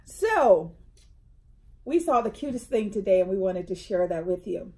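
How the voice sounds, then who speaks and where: A middle-aged woman co-hosts a casual chat at a tea table indoors, speaking in a mid-range voice at a moderate pace. She's an animated storyteller who acts out the people in her stories.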